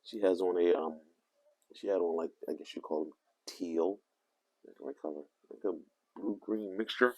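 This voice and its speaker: An older man telling a rambling, animated story to the camera. He often corrects himself as he talks. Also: deep voice, normal speed, breathy edge. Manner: animated, meandering, self-correcting. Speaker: vlogger.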